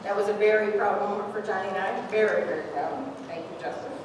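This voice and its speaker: A woman's voice: medium pitch, quick pace, noisy background. Woman, 40s, church testimony, emotional, heartfelt, far from the mic, echoey hall. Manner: heartfelt, emotional, laughing through tears. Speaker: church member giving a testimony. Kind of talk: personal testimony at a church service. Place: church sanctuary.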